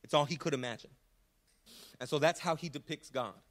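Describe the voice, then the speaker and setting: Pastor guy preaching in church, kinda high voice, earnest and fired up, stumbles and restarts a lot. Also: brisk. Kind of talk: sermon. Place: church sanctuary.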